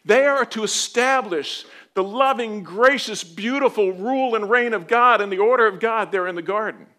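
A man with a notably high voice leads a congregation as pastor. He prays softly, then shifts into a relaxed, chatty sermon full of playful asides. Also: moderate pace. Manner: conversational, playful storytelling with asides; soft, low prayer voice.

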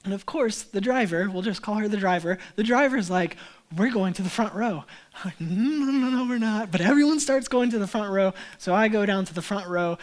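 A young man preaches from the pulpit and tells a story along the way, acting out the voices of the people in it. His voice sits high for a man, and his delivery is animated. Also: a little fast. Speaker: pastor. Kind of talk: sermon with personal story.

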